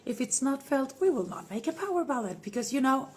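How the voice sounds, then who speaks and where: A woman's voice: sits high, very animated, a little fast, slightly rough. Playful woman slipping into whispers. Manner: playful, theatrical, often dropping into a hushed whisper; calls listeners "my dear". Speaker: band member answering fans on a livestream. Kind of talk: casual live Q&A reading fan comments.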